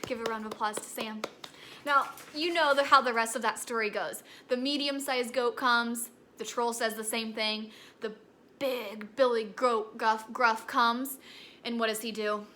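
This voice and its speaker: In a recorded kindergarten lesson, a young woman with a high, bright voice tells a story in a gentle, encouraging way. Her intonation stays fairly even and her pace is normal, with faint background noise behind her.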